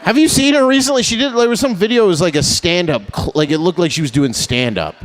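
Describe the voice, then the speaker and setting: Here the young comic has a high-pitched, expressive voice and talks fast, with no echo in the recording. He's brash and foul-mouthed on a live stage, trading lines with the audience and cracking himself up.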